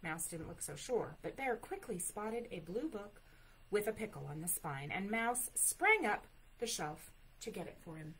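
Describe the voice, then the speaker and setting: A woman reads a picture book aloud at library story time, unhurried and expressive. Her voice moves through a lively range, and she pauses to add chatty asides about the pictures. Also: mid-range voice, breathy edge, rough recording.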